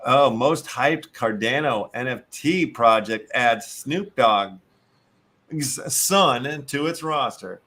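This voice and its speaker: Chicago guy hosting, reads articles out loud, swears a lot, trips on big words. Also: medium pitch, expressive, slow. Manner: profane, stumbles over long words. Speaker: show host. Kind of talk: casual chat reading articles aloud.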